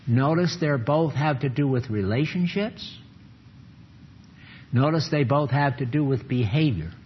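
An older man giving an informal, folksy sermon with chuckles and sudden animated bursts. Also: high-pitched, slight background noise. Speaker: preacher. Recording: dull lo-fi recording.

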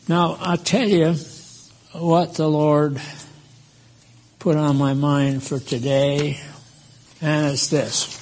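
A man's voice: on the high side, darkish tone, breathy edge. A man, likely older, preaching a sermon to his congregation in a plainspoken, conversational way. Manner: slow, plainspoken, addresses congregation directly. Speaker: pastor. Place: church.

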